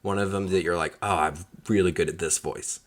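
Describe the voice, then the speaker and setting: Male podcast host, low-ish voice, casual and jokey, lots of ums. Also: steady tone, fairly quick. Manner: rambling, joking, many fillers. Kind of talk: casual interview chat.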